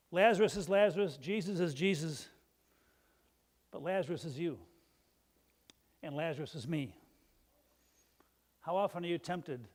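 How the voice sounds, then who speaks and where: A man delivers a sermon in a church in a slightly higher voice than most men. He talks like he is chatting with the congregation and tells his stories plainly. At times he rises into emphatic, ringing calls. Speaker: pastor. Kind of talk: sermon with storytelling.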